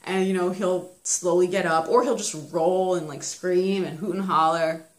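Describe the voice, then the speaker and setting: Chatty young mom in a roomy echo. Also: female voice, on the low side, steady tone, moderate pace. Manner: chatty, laughs often, acts out her kids' voices. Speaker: parenting vlogger reviewing a book. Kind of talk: casual chat.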